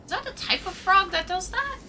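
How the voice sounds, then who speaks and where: A woman chatting on a live stream as she reacts to clips, breaking into loud excited exclamations. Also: extremely high pitch, brisk. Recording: noisy background.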